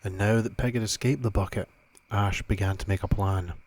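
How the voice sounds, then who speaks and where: A man narrating a children's adventure story in a calm, steady way. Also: lowish voice, a little fast.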